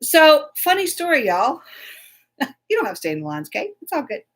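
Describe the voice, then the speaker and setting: A woman's voice: high voice, wildly swooping pitch, normal speed. Chatty woman hosting a live stream. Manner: chatty, laughs often, greets viewers by name. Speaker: host. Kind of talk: casual live-stream chat.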